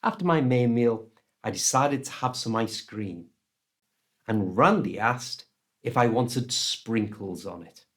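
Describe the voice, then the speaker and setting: A British man telling a story as an English lesson, slow and deliberate, his voice rising and falling a lot. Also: medium pitch. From United Kingdom. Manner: slow, deliberate delivery with lively ups and downs. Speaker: English teacher.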